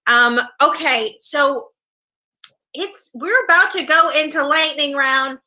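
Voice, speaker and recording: A woman hosting a quiz show, bubbly and playful as she reads out questions quickly. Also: high voice, sharp tone, poor audio. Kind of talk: upbeat game show hosting.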